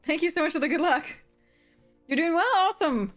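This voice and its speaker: A young woman chats with her stream audience while she drafts cards, thinking out loud and greeting viewers. Her voice sounds a little tired, and soft music plays behind her. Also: very high voice, expressive, brisk. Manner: chatty, thinks aloud, greets chat warmly.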